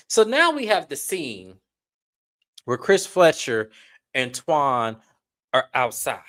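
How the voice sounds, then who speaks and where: A casual reality TV recapper who speaks bluntly and with exasperation. The host talks straight to the audience and swears freely, in a mid-pitched voice. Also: sing-song, takes it slowly, long pauses, fairly bright tone. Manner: blunt, exasperated, profane, talks to viewers directly.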